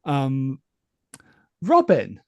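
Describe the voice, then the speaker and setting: A man co-hosting a fan podcast, talking excitedly with lots of restarts and casual swearing. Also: mid-range voice, very slow, no room sound, clean studio sound. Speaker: podcast co-host.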